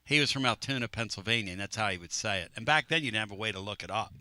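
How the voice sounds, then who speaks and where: Male radio host, brash and rambling, bright edge, dry studio sound. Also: fairly low pitch, rapid-fire, dry recording. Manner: brash, rambling, teasing storyteller. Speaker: radio sports talk host. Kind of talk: casual sports radio chat. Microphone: studio microphone.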